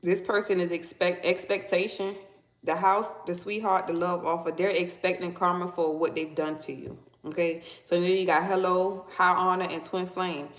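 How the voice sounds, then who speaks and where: Female tarot reader, animated and playful, echoey room. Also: moderate pace. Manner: animated, bursts into high mock voices and laughter. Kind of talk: casual tarot reading.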